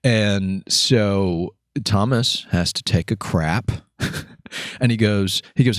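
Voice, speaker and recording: A man's voice: slow pace, no room sound. Casual male storyteller, dry close sound, giggly, rambling anecdote. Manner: laughs through the story, voice climbs high with excitement; rambling, filler-heavy.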